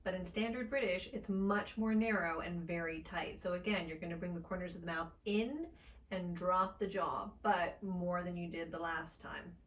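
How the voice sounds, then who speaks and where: A woman speech coach giving an accent lesson, with upbeat, encouraging delivery and crisp, deliberate articulation. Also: lowish voice, distant mic.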